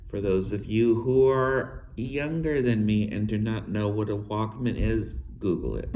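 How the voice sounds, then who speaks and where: A man in his thirties with a slight lisp, talking in a halting way to his viewers, with restarts and filler words. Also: on the low side, background noise. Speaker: vlogger. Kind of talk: personal talk to viewers. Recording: echoey room with faint ambience.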